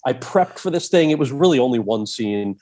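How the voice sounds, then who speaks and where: A man in his forties, a podcast guest, telling a long story in an animated way and acting out the voices of the people in it. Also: medium pitch, brisk. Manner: animated, acts out quoted voices in his anecdotes.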